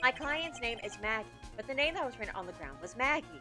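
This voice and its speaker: A woman's voice: fairly high pitch, lively intonation, fast, natural voice. A woman voicing an earnest young male defense lawyer in a video game, steadily explaining, with game music behind.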